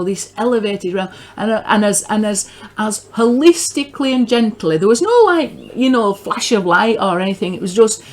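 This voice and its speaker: A woman with a northern English accent giving an informal spoken religious teaching, rambling and earnest, often repeating words and restarting her sentences. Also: mid-range voice. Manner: earnest, grows excited.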